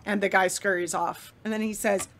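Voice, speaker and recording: A woman's voice: medium pitch, steady tone, normal speed. Woman narrating as game master.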